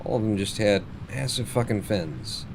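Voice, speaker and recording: A man's voice: fairly low pitch, moderate pace, background noise. A man streaming a space game live, muttering and swearing at the game with sarcastic frustration. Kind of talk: live gameplay commentary.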